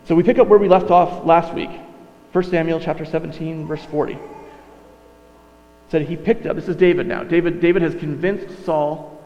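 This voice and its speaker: A man's voice: on the high side, fairly even intonation, moderate pace. Chatty male pastor in a reverberant hall. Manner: conversational, self-correcting, with asides. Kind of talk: sermon. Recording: dull sound, long reverb, mains hum.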